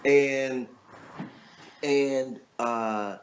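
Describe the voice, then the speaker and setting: A man's voice: mid-range voice, fairly even intonation, drawn-out words, lo-fi sound, slight background noise. A middle-aged man, an author and guest, telling a personal story in a loose, reflective way, often checking in with "right?".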